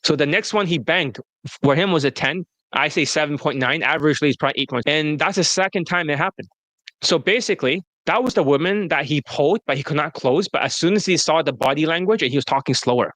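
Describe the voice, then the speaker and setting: A man with a slightly raised pitch speaks as a dating coach in a loose, casual interview. His talk is blunt and full of profanity, often broken by laughter. The sound is dry and close. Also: quick pace, a bit bright, no room sound.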